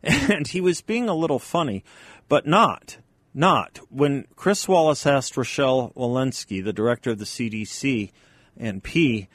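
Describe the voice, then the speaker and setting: A man's voice: medium pitch, expressive, a little slow, dry recording. A man hosting a talk radio show, talking in a conversational, wry and emphatic way into a studio microphone. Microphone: studio microphone, dry.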